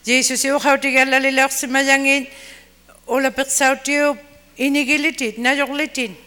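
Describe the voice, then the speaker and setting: A high, bright voice interprets a sermon phrase by phrase in quick turns. It echoes the preacher's acting with sudden shouts. Long church-hall reverb hangs on each line. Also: little pitch movement.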